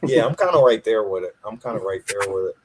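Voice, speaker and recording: A man's voice: fairly low pitch, lively intonation, fast, slight background noise, rough recording. A man in a casual podcast conversation, speaking in a blunt, profane way. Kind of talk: casual chat.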